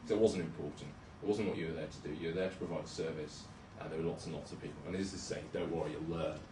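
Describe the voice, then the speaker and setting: Give me a low-voiced young man, chatty and hesitant, in an echoey hall. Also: steady tone, very fast, noisy background. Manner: chatty, self-deprecating, hesitant with many ums. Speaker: junior doctor giving a talk. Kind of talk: casual presentation with slides. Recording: roomy hall, speaker far from mic.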